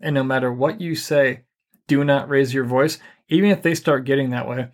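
Middle-aged guy on a podcast, talks calm and steady, never raises his voice, casual advice. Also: medium pitch. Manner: calm, even, deliberately unhurried. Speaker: podcast co-host.

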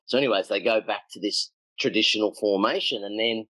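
A middle-aged tennis coach, a podcast guest, telling coaching stories in a relaxed, rambling way with frequent ums. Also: male voice, on the low side, fairly quick, no echo, rough recording. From Australia. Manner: animated anecdotes with acted quotes, frequent ums. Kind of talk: conversational storytelling.

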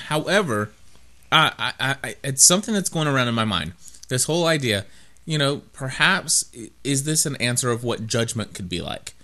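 A man's voice: medium pitch, expressive, moderate pace, sharp tone. A man in the middle of his range, hosting a talk podcast. He rambles through his thoughts in loose casual chat and pokes fun at himself as he goes. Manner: rambling, self-mocking, jokey. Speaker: podcast host.

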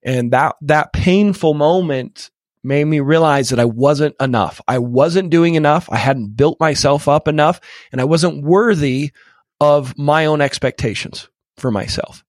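A man's voice: fairly high pitch, a little slow, no echo, studio quality. A man in his thirties, a podcast guest telling an emotional personal story with many repeated false starts. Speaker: podcast guest, real estate investor.

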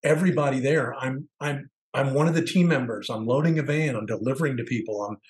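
A man's voice: mid-range voice, quick pace, a little mellow, low-quality recording. Candid middle-aged man, reflective podcast talk. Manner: candid, searching, acts out quoted voices. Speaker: podcast co-host.

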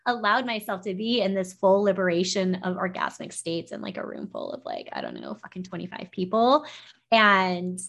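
A woman's voice: mid-range voice, sing-song, brisk, a bit bright. A woman talking as a podcast guest, recounting a personal experience in an effusive, emotional way with many "like" fillers. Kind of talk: personal storytelling in conversation.

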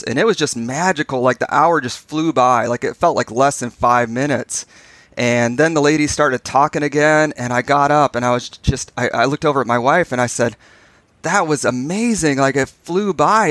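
A man's voice: medium pitch, dry recording. A man co-hosts a podcast and tells stories with animation, playing out the back-and-forth as he goes. His voice sits in a middle range, and the recording is dry and close to the mic. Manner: animated storyteller, acts out dialogue. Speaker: podcast co-host. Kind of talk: casual storytelling chat.

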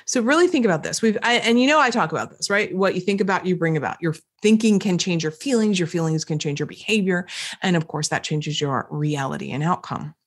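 Woman podcast host, middle-aged, lower-pitched, animated motivational coach recorded at home. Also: brisk. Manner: animated, coaching, talks to the listener directly. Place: indoors at home.

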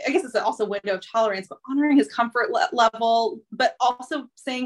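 Her voice is fairly high and her pace quick. This therapist in her thirties hosts a podcast where she talks things over casually and reflectively, with many fillers.

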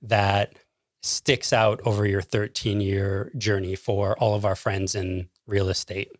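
A male podcast host with a lowish voice who speaks slowly and deliberately, drawing out his questions. His voice sounds dry and close, with no room around it. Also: little pitch movement, no echo. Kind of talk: casual interview.

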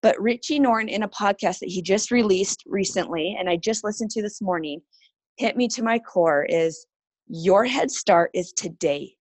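A woman in her thirties speaks as a podcast guest. She talks earnestly and with animation, slipping into lively voices when she quotes others. The sound is dry and close. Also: mid-range voice, normal speed, no echo. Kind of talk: casual interview talk.

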